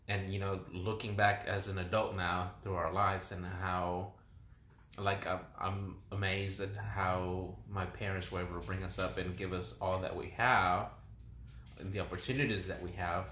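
A young man talking reflectively and hesitantly in a casual conversation, often pausing and restarting his sentences. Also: sits low, a bit bright. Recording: roomy echoing room.

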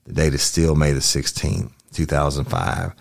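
Deep, matter-of-fact man. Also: expressive, moderate pace, gravelly. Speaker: police detective. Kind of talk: reading an interview transcript aloud.

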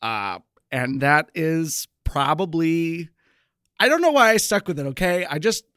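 Young male co-host, a touch high-pitched, animated and self-deprecating, dry close sound. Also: a little slow, smooth, no echo. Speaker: podcast co-host. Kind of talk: casual chat.

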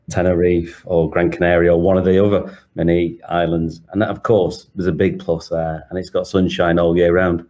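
A man with a Manchester accent and a low, warm voice talks as a guest in an easy, chatty way. He laughs often as he speaks over a remote call. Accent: Manchester English. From Manchester, England. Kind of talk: casual conversation.

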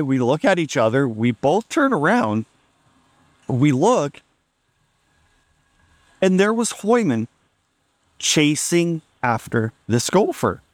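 A man's voice: a little high, big pitch swings, slow, long pauses, dry recording. A man casually telling a funny story on a podcast, amused and laid-back, acting out what people said.

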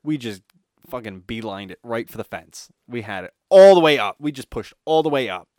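A man's voice: medium pitch, lively intonation, moderate pace, a little mellow, no room sound, studio quality. A man co-hosting a podcast, telling a rambling story in casual chat, swearing often and filling with "like". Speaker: podcast co-host.

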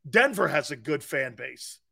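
A man's voice: on the high side, sing-song, a little slow, gravelly, breathy edge. A man hosting a sports talk show, chatting casually, joking and laughing as he answers viewers' comments. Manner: joking, laughing, wide swings in loudness. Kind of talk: casual chat, reading live chat.

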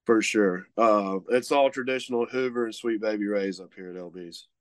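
A man's voice: on the low side, normal speed, dry recording. A man co-hosting a casual chat, rambling with lots of fillers and restarts. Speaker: co-host, meat market owner.

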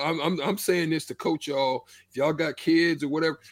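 Animated storytelling man, slightly high voice. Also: moderate pace, few pauses, no room sound. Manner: loose, animated storytelling with slang and quoted voices. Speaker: former pro basketball player, show regular. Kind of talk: casual storytelling chat.

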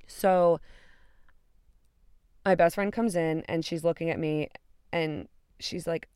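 Taking it slowly with long pauses, a twenty-something woman hosting a podcast tells a personal story in a candid, casual way, swearing freely and acting out quotes. Her voice sits low, fairly even, a little mellow, and clean, recorded in studio quality with no echo.

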